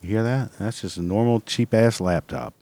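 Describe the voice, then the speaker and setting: A man delivering a comic rant, exasperated and swearing constantly, breaking into loud outbursts. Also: on the low side, moderate pace, dry recording. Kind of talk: profane comedic rant.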